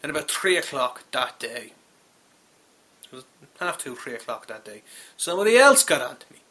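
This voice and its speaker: A man's voice: medium pitch, very animated, moderate pace, sharp tone, breathy edge. A young Irish man who works in a call centre, telling a rambling, exasperated, profane anecdote with lots of restarts. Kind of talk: casual spoken anecdote.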